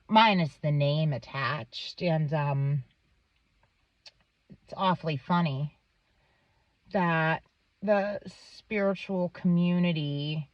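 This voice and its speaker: A woman's voice: sits low, no room sound, muffled recording. A woman vlogging in a casual, rambling monologue, swearing often and filling with "um" and "like.". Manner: rambling, swears a lot, many "um"s and "like"s.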